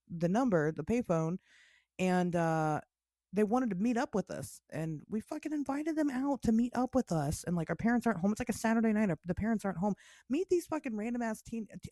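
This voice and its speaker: A woman co-hosting a podcast tells a rambling story in casual storytelling chat, laughing a lot and swearing. Her fairly high, warm voice is recorded at studio quality with no echo.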